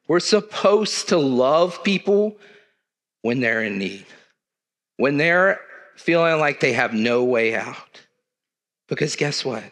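A man's voice: mid-range voice, a bit bright. A middle-aged man, preaching in an earnest, conversational way to his church. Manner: earnest, conversational preaching with southern turns of phrase. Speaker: church leader. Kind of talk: sermon.

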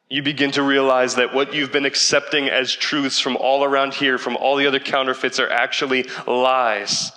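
A man's voice: mid-range voice, sharp tone, long reverb tail. A man preaching a sermon as a pastor, earnest and conversational, dropping casual slang as he talks to the congregation.

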